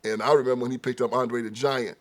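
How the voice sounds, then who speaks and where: A man hosting his own show, delivering an opinion commentary monologue that swings between loud outbursts and low mutters, with frequent laughter. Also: fairly even intonation, fast talker. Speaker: show host.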